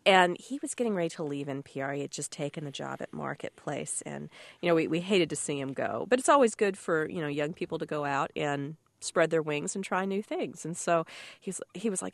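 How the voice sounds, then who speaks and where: A woman's voice: sits low, brisk, creaky, no echo. A woman cookbook author chatting on a radio show, telling stories with laughs and acted-out voices. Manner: animated storyteller, laughs often, acts out quoted voices. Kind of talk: casual radio chat.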